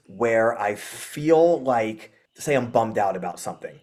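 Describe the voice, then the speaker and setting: A man, a guest musician, chatting casually in an interview, rambling with lots of fillers and animated retellings. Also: medium pitch, measured pace, hardly any pauses.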